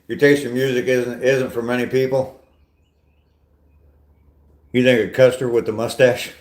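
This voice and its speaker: A man's voice: mid-range voice, level tone, a little slow, a little mellow, reverberant. An older man hosting a casual live stream on a walk, chatting with viewers in a rambling, self-deprecating way. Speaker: vlogger reading live chat.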